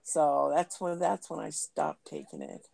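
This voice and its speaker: A woman's voice: low-pitched, huge pitch swings, a little slow, vocal fry, a crowd in the background. A woman chatting offhandedly as a guest on a live talk show. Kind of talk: casual chat.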